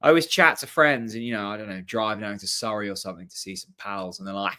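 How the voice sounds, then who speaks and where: A young man hosting a live football watchalong, chatting with viewers and reacting to the match in a casual, excitable way. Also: fairly low pitch, fast talker, hardly any pauses. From Norfolk, England. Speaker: host of a fan channel watchalong.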